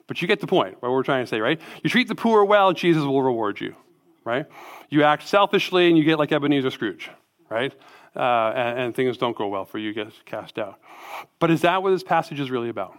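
Male pastor, mid-pitched, preaching with emphatic rhetorical questions. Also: lively intonation, fairly quick. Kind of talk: sermon.

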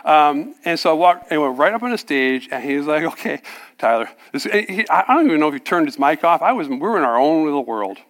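A man preaching a sermon, telling his own story with lively acted-out dialogue and frequent laughter. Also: fairly high pitch, fast, hardly any pauses. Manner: animated storyteller, acts out dialogue, laughs often. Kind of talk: sermon testimony.

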